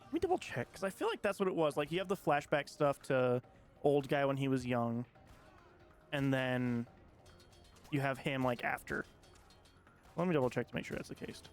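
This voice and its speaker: A man's voice: mid-range voice, lively intonation, normal speed, long pauses, faint music behind. A man hosting a casual game stream, joking around and reading a review aloud. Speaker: streamer host.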